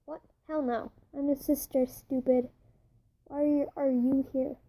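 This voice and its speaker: A woman's voice: high-pitched, flat delivery, a little slow, warm tone, poor audio. A woman reading a stammering young sister. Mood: scared. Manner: stammering, scared. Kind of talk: fan fiction reading.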